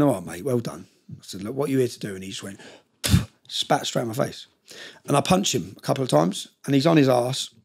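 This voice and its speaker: A man, a podcast guest telling a long story in casual conversation, emphatic and fond of tag questions like "yeah?". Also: medium pitch.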